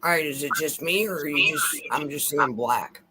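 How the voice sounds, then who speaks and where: A man's voice: fairly high pitch, normal speed, noisy background. An older man chatting casually and teasing on a livestream. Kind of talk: casual chat.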